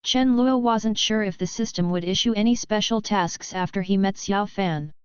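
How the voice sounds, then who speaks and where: A woman narrating an audiobook novel in an even, steady storytelling manner. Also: medium pitch, moderate pace, clear, resonant tone, no echo. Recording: slightly dull lo-fi recording.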